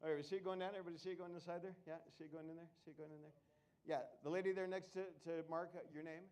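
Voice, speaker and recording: A man with a high, light voice doing live comedy magic in a showroom. He keeps up a stream of quick jokes and banter with the audience. He talks the crowd through each trick as he performs it. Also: little pitch movement, a little mellow, clear, resonant tone. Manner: joking patter with the audience.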